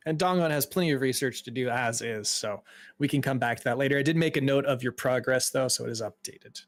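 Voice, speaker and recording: Man, game master, brisk, matter-of-fact, dry close sound. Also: medium pitch, no room sound. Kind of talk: running a tabletop game.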